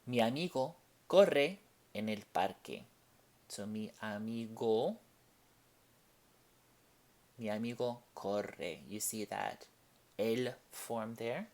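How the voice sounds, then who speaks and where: Slow-paced male language teacher. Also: fairly low pitch, darkish tone. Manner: slow, deliberate explanations with Spanish examples. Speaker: Spanish teacher. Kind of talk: classroom-style language lesson.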